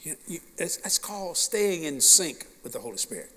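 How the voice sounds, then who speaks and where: Folksy preacher man telling a story, somewhat high voice, long echo from a big hall. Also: sing-song, moderate pace, sharp tone. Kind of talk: sermon storytelling. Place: large meeting hall. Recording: long reverb of a large hall.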